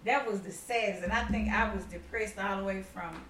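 A woman's voice: mid-range voice, fairly quick. A middle-aged woman, telling family stories in a casual chat. She acts out the quotes and laughs often. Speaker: mother telling her story. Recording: roomy, far from the mic, faint noise.

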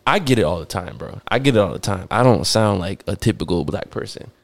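A young man hosting a podcast, talking casually and haltingly, often restarting his sentences. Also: low-pitched, animated, vocal fry. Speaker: podcast host. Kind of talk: casual chat.

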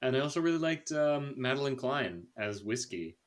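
A young man hosting a casual movie review chat, chatty and animated, laughing often. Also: mid-range voice, moderate pace. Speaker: podcast host.

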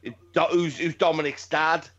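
A man's voice: on the high side, steady tone, measured pace, a bit bright. A man hosting a casual wrestling chat, rambling, swearing often and repeating his words. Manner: rambling, profane, repeats himself. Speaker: podcast host. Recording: dull lo-fi recording.

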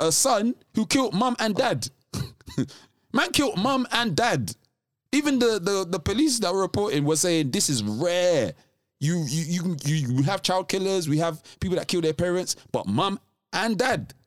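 A man talks in a lively, animated way, his pitch rising and falling widely as he restarts his thoughts. He sits a bit above the usual male pitch, and the recording is close and dry with no room sound. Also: normal speed, dry recording. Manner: animated, restarts often, laughs between points. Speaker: podcast co-host. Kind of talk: casual chat.

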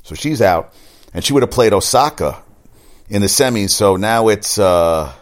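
A man with a slightly low voice rambles excitably through a casual sports chat, swearing freely as he goes. He talks like a personal trainer recapping his day and the games he watched. His delivery is loose and unscripted. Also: moderate pace.

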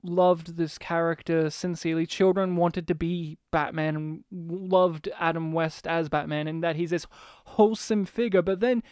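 Fast-talking, high-voiced man. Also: smooth, no room sound, clean studio sound. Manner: animated, fast-talking, laughs often, swears casually. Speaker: podcast co-host discussing a film. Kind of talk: casual chat.

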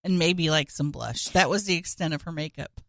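A woman's voice: low-pitched, moderate pace, fairly bright tone, no echo, studio quality. A woman co-hosting a podcast, chatting casually with wry, laughing asides. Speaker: podcast co-host. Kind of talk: casual chat.

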